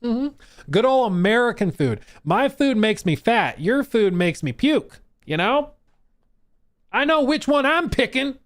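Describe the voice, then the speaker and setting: Male streamer from Colorado, chatty and animated, slightly high voice, dry close-mic sound. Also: measured pace, no echo. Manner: chatty, reads chat aloud, explains and jokes. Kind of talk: casual live-stream chat.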